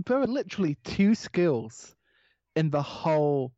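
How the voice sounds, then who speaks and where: A man's voice: fairly high pitch, big pitch swings, a little slow, mellow, dry recording. Scottish guy cohosting a podcast, self-mocking, dry muffled mic sound. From Scotland. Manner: defensive, self-mocking, laughs often. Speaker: podcast co-host. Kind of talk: casual chat. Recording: dry, slightly dull mic.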